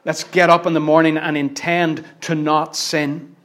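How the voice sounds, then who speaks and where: A man preaching a sermon. He swings from loud, emphatic declarations to hushed, almost whispered asides. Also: on the high side, little pitch movement, measured pace.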